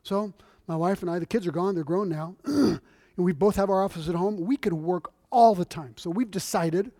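A middle-aged man preaching a sermon in a church, in a conversational, animated storytelling manner. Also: sits high, normal speed, dry recording, studio quality. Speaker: visiting missionary preacher.

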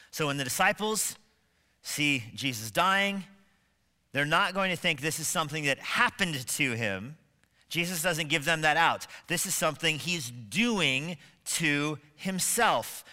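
Emphatic pastor with a bright voice. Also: male voice, fairly high pitch, sing-song, measured pace, big-room sound. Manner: emphatic, building to forceful stresses; asks rhetorical questions of the congregation. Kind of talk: sermon. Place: church sanctuary.

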